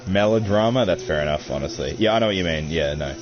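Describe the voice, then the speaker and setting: A man's voice: deep voice, quick pace. A young man, chatting casually and crudely while unboxing, swearing a lot and calling everyone dude and bro. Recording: dull lo-fi audio with faint music.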